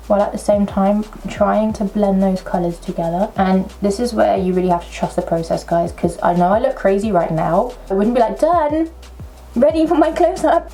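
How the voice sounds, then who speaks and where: A woman's voice: medium pitch, gravelly. Brief: chatty young woman, makeup tutorial. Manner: chatty, excitable, self-mocking asides. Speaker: makeup vlogger. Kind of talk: casual makeup tutorial chat. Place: at home at a table.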